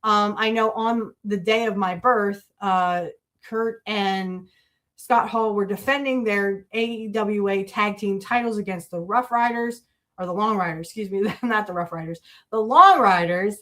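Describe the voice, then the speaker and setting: A woman's voice: mid-range voice, steady tone, a little slow, fairly bright tone. Chatty woman podcast host. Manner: chatty, rambling with fillers and self-corrections. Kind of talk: casual podcast talk.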